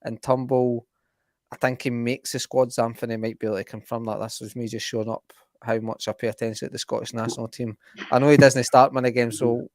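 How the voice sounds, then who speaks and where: A man's voice: mid-range voice, flat delivery, brisk, darkish tone, no room sound. Man, casual football podcast, rambly, restarts a lot, dry close sound. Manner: rambling, restarts often, laughs easily. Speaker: podcast co-host.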